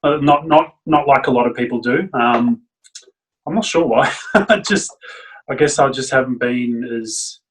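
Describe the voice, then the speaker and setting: A male drummer being interviewed on a podcast, with a voice of ordinary pitch. He answers casually and unhurriedly, pausing and restarting as he thinks. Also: recorded from a distance, poor audio. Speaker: guest drummer.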